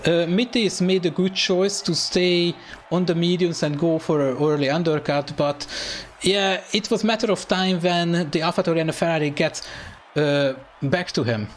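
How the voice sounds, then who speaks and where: A man commentating an online sim racing event, excitable and hesitant, with phrasing and lots of fillers. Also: on the high side, moderate pace, slight background noise. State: out of breath. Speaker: race commentator.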